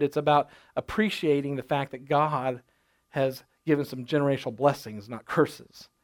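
A middle-aged man preaches from the pulpit in an easygoing, conversational way. His voice sits a little higher than most men's. He often restarts his sentences as he weaves personal stories into the sermon. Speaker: pastor.

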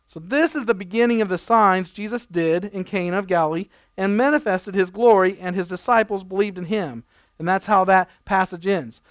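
High-voiced man preaching a sermon. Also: normal speed, no room sound, studio quality. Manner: conversational preaching with playful asides. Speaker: pastor.

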